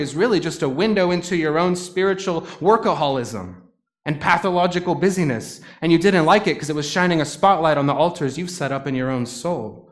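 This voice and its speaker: A man preaching a sermon in a conversational way, building to emphatic bursts on his key points. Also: mid-range voice. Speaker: pastor.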